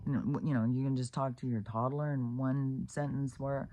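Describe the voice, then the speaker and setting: A woman's voice: a bass voice, fairly even intonation, moderate pace, mellow. A woman vlogging in a rambling, profane, casual rant, full of fillers and restarts, exclaiming in disbelief.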